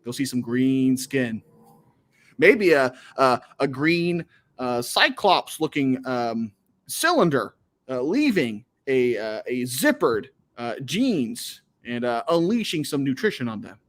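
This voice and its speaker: A man's voice: medium pitch, big pitch swings, takes it slowly. A man hosting a livestream, chatting casually in a rambling way full of crude jokes. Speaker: livestream host.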